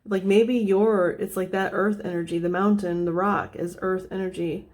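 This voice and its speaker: A woman at an ordinary middle pitch talks through a tarot spread in a loose, meandering way, circling back on her own words as the thoughts come. Her voice stays soft and easygoing and sometimes sinks almost to a whisper. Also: fairly even intonation, normal speed. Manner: meandering, thinking aloud with many fillers. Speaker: tarot reader. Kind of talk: casual tarot reading.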